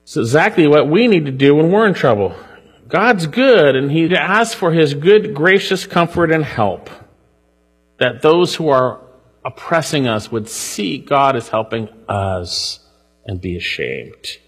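A man's voice: fairly high pitch, expressive, measured pace, breathy edge. A man preaching a sermon. He reads scripture aloud and then explains it with rising emphasis. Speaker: pastor. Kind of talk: expository sermon on a psalm. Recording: long hall reverb.

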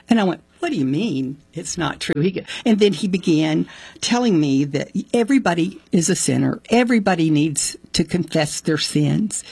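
A woman telling the story of her conversion in conversation. She acts out what people said with sudden jumps in pitch and laughs often. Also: gravelly, a little mellow, breathy edge, no room sound. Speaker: guest sharing her faith testimony.

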